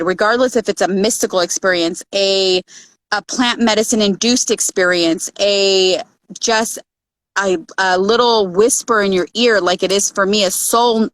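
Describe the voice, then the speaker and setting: A woman's voice: medium pitch, a bit bright, no room sound. A woman co-hosting a casual podcast chat, talking in an earnest, reflective, advice-giving way. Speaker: podcast co-host.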